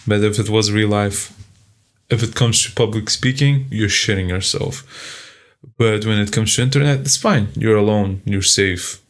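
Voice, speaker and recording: Blunt, swearing man with a low voice. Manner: blunt and profane, with bursts of shouting. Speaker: vlogger. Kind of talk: video journaling monologue.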